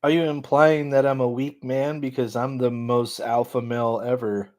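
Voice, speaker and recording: A man's voice: medium pitch, little pitch movement, normal speed, darkish tone. A man hosting a comedy video, teasing an AI with mock-boastful banter in casual chat. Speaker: YouTube comedy host.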